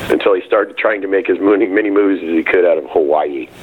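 Deep-voiced man in jokey banter. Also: fast talker, narrow, tinny audio, a little hiss or hum. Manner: playful, jumps into high mock voices. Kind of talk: casual banter, jokey tangents.

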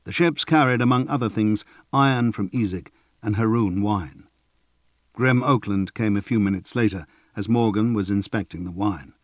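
A man narrates an audiobook in a low, measured voice. The sound is close and dry, with no room around it. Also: no room sound. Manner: even, measured.

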